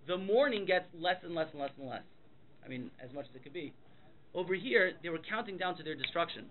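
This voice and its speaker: Fast-talking rabbi with a high, lively voice. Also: male voice. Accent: Canadian English. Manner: animated storyteller, acts out dialogue with rising pitch. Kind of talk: Torah lecture. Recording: tinny lo-fi lecture recording.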